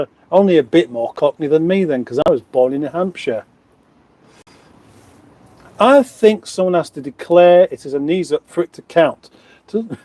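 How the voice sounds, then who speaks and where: Man from England, casual livestream host, self-deprecating, rambling, warm mellow tone, dry room. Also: on the high side, dry recording. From England (born in Surrey). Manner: rambling, self-deprecating, talks straight to viewers. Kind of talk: casual live-stream chat, reading comments. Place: home kitchen, indoors. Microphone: phone on a stand.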